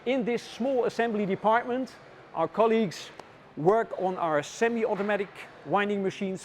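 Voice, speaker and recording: A man with a notably high voice leads a tour through a factory floor, explaining the work in a measured, unhurried way. Faint machine noise hums behind him. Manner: explanatory, measured, with frequent "uh" pauses.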